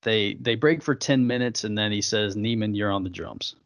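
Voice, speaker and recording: A man with a fairly low voice talks through a film scene by scene, loose and chatty, full of fillers and quoted lines. His voice sounds close and dry, with no room around it. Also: moderate pace, no echo. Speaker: podcast co-host. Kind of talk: casual film recap chat.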